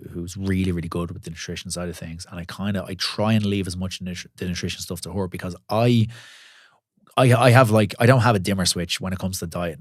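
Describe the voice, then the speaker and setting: A man chatting candidly as a podcast guest, his words tumbling out quickly with constant swearing and false starts. His voice sits slightly low. The sound is dry and close to the microphone. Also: dry recording. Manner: swears freely, tells stories in quick bursts with many restarts. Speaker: podcast guest, pro wrestler and gym owner. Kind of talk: candid casual podcast chat.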